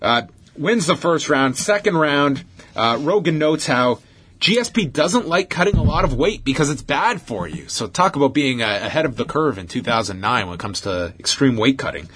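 A man's voice: mid-range voice, animated, normal speed, fairly bright tone, slightly rough. A man hosting a casual talk show, recapping an old fight in detail with frequent fillers.

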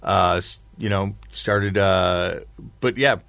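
A man's voice: sits low, slow, creaky, a bit bright, no echo. A man in casual chat, telling long rambling anecdotes and laughing often. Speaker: podcast guest, musician.

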